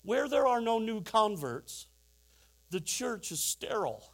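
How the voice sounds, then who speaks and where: Animated high-voiced male preacher. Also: a little slow. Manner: animated storytelling, chuckling asides, rhetorical questions to the congregation. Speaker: pastor. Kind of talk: sermon.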